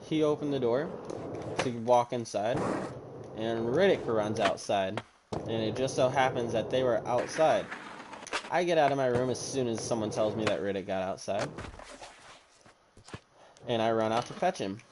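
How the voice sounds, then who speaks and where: A man's voice: medium pitch, moderate pace, long pauses, noisy background. Profane young man telling a story. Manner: casual, profane, animated retelling with quoted dialogue. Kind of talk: casual storytime vlog.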